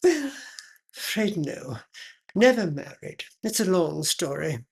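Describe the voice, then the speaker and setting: A woman's voice: on the low side, sing-song, slow, creaky, slightly rough, heavily acted. A woman playing a pompous aristocratic lady who hosts a chat show, affected and drawling, dropping French phrases. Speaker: host.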